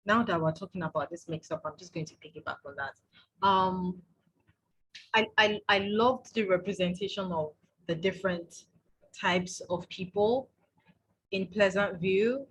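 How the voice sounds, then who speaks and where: A woman's voice: medium pitch, measured pace, husky, poor audio. A woman hosting a book club chat. She talks casually and chattily and laughs easily. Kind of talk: casual conversation.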